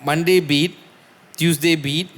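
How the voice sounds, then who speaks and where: A man, a guest musician, tells stories on a casual podcast in an animated way, swearing and using a lot of "like". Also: a little high, takes it slowly, in a large hall.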